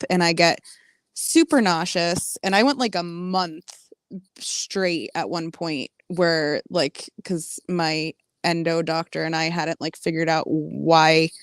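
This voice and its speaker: A woman's voice: fairly low pitch, clean tone, no echo, studio quality. A woman joining a live stream as a guest, talking casually with many ums and some swearing.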